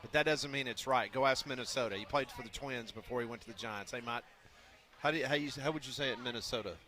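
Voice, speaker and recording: Bright-voiced man co-hosting sports radio. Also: medium pitch, fast. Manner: chatty, reads out sports scores. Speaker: radio show co-host. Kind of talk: casual sports radio chat. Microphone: studio microphone.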